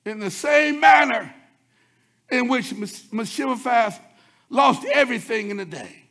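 A male pastor a sermon, swinging between loud chanted shouts and quick low murmurs. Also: expressive, gravelly.

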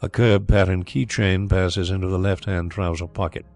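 A man's voice: low voice, steady tone, normal speed, a little mellow, faint music behind. A man voicing a deferential, meticulous manservant in an audiobook, politely listing details. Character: deferential, precise male manservant.

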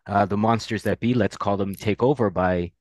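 Low-voiced host guy, dry sound, musing and agreeing a lot. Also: steady tone, moderate pace, darkish tone, no room sound. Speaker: podcast host. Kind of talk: casual podcast conversation.

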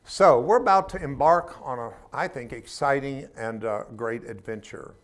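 A man's voice: medium pitch, normal speed. A man teaching a spiritual class in an informal sermon style, talking in a conversational, emphatic way with humorous asides.

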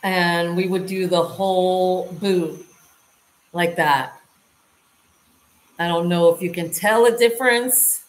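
Slow-talking woman vlogger in an echoey room. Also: on the low side, steady tone. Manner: chatty, talks to viewers while working. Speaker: lifestyle vlogger. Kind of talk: casual how-to demonstration. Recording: roomy echo.

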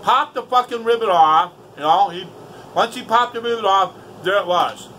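A man with a high voice rants through a story in a casual, exasperated way, with swearing in nearly every sentence. He talks loosely and repeats himself as he goes. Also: moderate pace, pushed and bright, a little hiss or hum, low-quality recording. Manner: heavily profane, exasperated. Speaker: vlogger.

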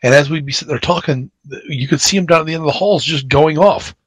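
A man co-hosting a radio show, telling stories in a casual, animated, rambling way. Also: a little high, quick pace, husky, no echo.

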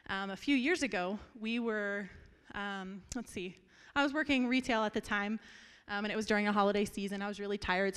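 A woman's voice: mid-range voice, clear, resonant tone. Young woman telling family stories in a hall. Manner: lively storyteller, laughs often, turns earnest. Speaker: family member giving a eulogy. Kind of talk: memorial speech with funny anecdotes. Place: memorial gathering hall. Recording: reverberant hall.

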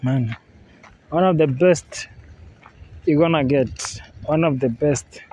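A man narrates his travel vlog at an unhurried, drawn-out pace, his voice sitting a little high for a man. He sounds relaxed and repeats words as he walks by a river, with faint outdoor noise behind him. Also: rough recording. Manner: relaxed, repeats himself, says "yeah, man" often. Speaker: vlogger. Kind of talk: casual travel vlog walk-through.

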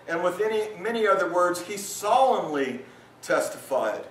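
A male pastor preaching a lively sermon at a men's retreat, his voice climbing when he acts out the crowd. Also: moderate pace. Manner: animated, voice rises high when acting out listeners. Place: conference hall at a retreat. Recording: roomy hall sound, mic from a distance.

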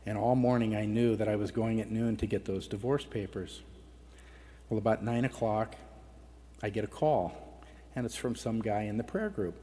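A man's voice: lowish voice, moderate pace, warm tone. A middle-aged man giving a heartfelt personal testimony at a conference, his voice catching with emotion now and then. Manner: emotional, voice breaking at times. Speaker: conference speaker. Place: large conference hall. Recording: long hall reverb.

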